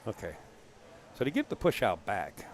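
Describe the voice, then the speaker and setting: A man's voice: fairly low pitch, wildly swooping pitch, moderate pace. A man with a Bronx New York accent doing live play-by-play commentary on a billiards match, mixing his calls with joking, teasing banter. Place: alone in a small commentary room.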